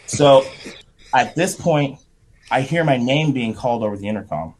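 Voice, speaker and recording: A middle-aged man, a podcast guest, telling a profane, animated story in casual talk. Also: mid-range voice, moderate pace, slight background noise. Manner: profane, animated anecdote with shouted quotes.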